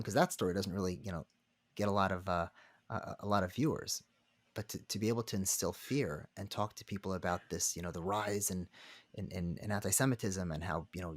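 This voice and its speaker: A man, a rabbi and counselor, telling a personal story as a podcast guest in an earnest, halting way. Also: low voice, dry recording. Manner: earnest, halting, many restarts. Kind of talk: conversational storytelling.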